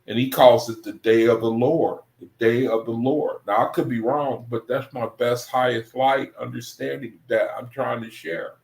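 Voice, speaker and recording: A man's voice: medium pitch, steady tone, normal speed, creaky, few pauses, darkish tone, echoey room. A man giving an informal Bible study talk in a loose, conversational way, often circling back and repeating himself. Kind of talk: informal scripture teaching monologue.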